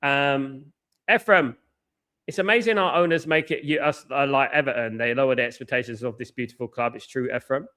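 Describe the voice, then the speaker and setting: A married man from hosting a football watchalong, talking fast and passionately, with lots of repetition and shout-outs to chat. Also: mid-range voice. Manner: excitable, buzzing, repeats phrases, reads chat aloud. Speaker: watchalong host. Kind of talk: casual live-stream chat. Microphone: headphones with mic.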